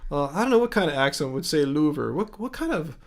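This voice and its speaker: A man's voice: a little high, big pitch swings, quick pace. A man hosting a casual livestream, reading viewer comments aloud and rambling chattily with lots of fillers and self-corrections. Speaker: livestream host.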